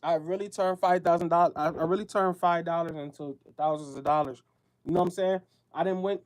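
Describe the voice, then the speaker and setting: A man's voice: fairly high pitch, fairly even intonation, fairly quick. A man hosting his own show, speaking in a casual monologue straight to his listeners. His talk is loose and slangy and keeps circling back on itself. He is from the United States. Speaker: show host.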